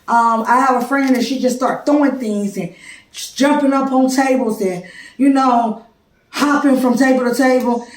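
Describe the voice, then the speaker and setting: A woman who teaches preschool, giving a recorded class presentation in an informal, conversational way. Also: a little high. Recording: echoey room, distant mic.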